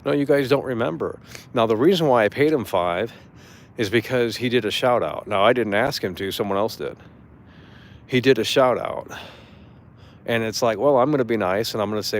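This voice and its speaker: A man's voice: mid-range voice, normal speed. A man ranting angrily in casual talk, swearing freely and mocking someone who annoyed him. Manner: angry, profane ranting; mocking impressions in a raised voice. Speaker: streamer.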